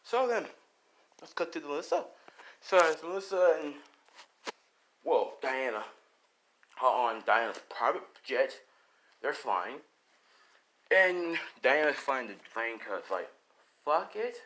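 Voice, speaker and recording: A man's voice: mid-range voice, big pitch swings, slow pace, long pauses, fairly bright tone, a little hiss or hum, rough recording. A man casually retelling a fan-made story, rambling, with fillers and swearing. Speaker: channel host.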